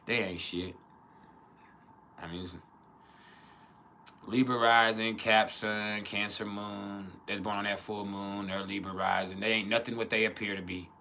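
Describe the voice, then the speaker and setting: Man on an astrology vlog: low, bright, forceful voice, crude humor, laughs a lot. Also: little pitch movement, measured pace, long pauses, a little hiss or hum. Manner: profane, joking, laughs often; acts out quotes in other voices. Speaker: astrology teacher. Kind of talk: casual monologue on astrology.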